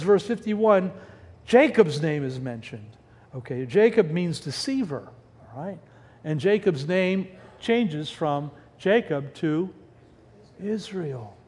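High, lively preacher man in reverberant hall. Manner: animated, rhetorical questions, breaks off mid-word. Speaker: pastor. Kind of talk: sermon. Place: church sanctuary.

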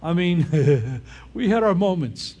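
An older man gives a sermon in a relaxed, conversational way. His voice sits a little high and sounds husky. He often pauses to check in with his listeners as he talks. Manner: informal, often checks in with the audience. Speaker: pastor.

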